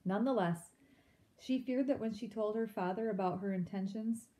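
A woman reads a children's novel aloud in an expressive storytelling manner, turning aside now and then to speak to her listeners. Her voice is warm and mellow, at a middle pitch. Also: moderate pace. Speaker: reader.

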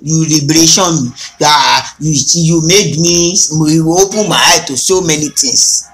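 A man's voice: fairly high pitch, a little slow, fairly bright tone, poor audio. A man co-hosting a casual chat, agreeing often and dropping pidgin phrases. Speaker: co-host.

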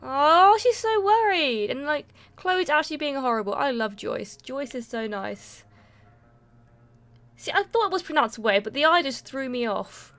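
A woman's voice: sits high, lively intonation, normal speed, a bit bright. A young woman playing a video game and chatting as she goes, reacting and reading text aloud. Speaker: gaming YouTuber. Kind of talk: let's play commentary.

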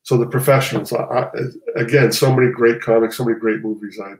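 A man's voice: medium pitch, steady tone, fast talker. Rambling man in a roomy echo. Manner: rambling, self-correcting, with frequent restarts. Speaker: comic artist guest. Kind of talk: casual conversation.

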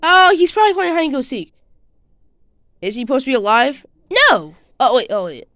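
A woman hosting her channel, narrating a playful toy adventure in an excitable manner and bickering back and forth with herself. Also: high-pitched, slight background noise. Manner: excitable, bickering with itself, quick changes of voice. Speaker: channel host.

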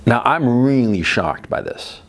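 A man's voice: mid-range voice, sing-song, measured pace. A middle-aged man hosting a show, telling a personal story in a casual monologue. He swears freely and keeps checking in with "okay?" and "right?". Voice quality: profane, rambling, with frequent tag questions. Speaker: host.

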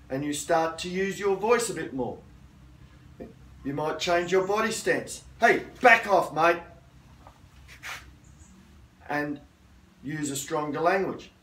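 A middle-aged man teaching a self-defence lesson as a karate instructor, firm and assertive, often checking in with "okay?". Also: fairly high pitch. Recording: roomy sound from a distant mic.

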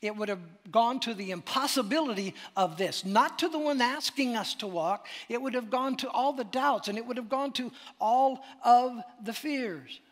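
A man preaching a sermon as pastor, animated and dramatic, dropping to a near-whisper for emphasis. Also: very high-pitched, moderate pace, hardly any pauses. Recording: long hall reverb.

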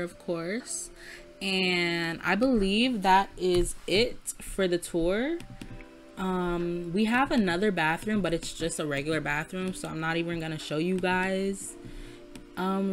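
Bright-voiced young woman, chatty and frank. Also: fairly low pitch. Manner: chatty, frank and profane, gets loud and heated when ranting. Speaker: Sims let's play creator. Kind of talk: casual gameplay commentary. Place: home room.

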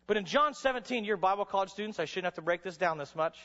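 A man preaching a sermon to college students, telling stories dramatically and sometimes rising to a shout. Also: high-pitched, animated, fast talker. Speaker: chapel speaker. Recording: dull sound with long hall reverb.

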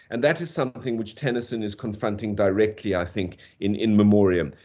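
A man giving a university lecture on poetry over a video call, reading verse aloud, tapping out meter, with frequent fillers. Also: mid-range voice. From South Africa. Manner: animated, rhythmic scansion aloud.

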